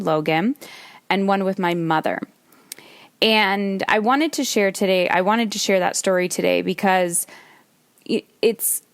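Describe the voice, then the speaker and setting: A woman's voice: medium pitch, no room sound. Middle-aged woman talking on her podcast, candid and chatty, swears casually, dry close sound. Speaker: podcast host. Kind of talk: solo podcast monologue.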